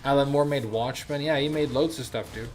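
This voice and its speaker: A man's voice: medium pitch, brisk, a little mellow, soft background music. Young man rambling while streaming. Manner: rambling, loose, profane, lots of fillers. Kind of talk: casual chat while gaming.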